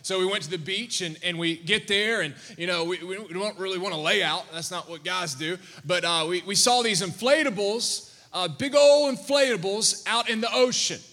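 A man preaching to his congregation, telling a story with animated energy and calling questions out to the crowd. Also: high-pitched, normal speed. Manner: animated, calls out questions to the audience. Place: church sanctuary. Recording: long church-hall reverb.

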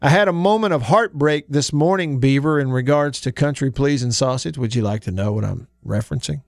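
A man hosting a sports radio show, chatting in a folksy, easygoing way with drawn-out emphasis. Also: mid-range voice, gravelly, dry recording, studio quality. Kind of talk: casual sports talk radio. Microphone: studio microphone.

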